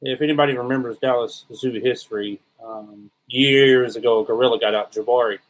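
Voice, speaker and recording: A man co-hosting a podcast in relaxed chat, laid-back with dry humor. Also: mid-range voice, a little fast, poor audio. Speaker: podcast co-host.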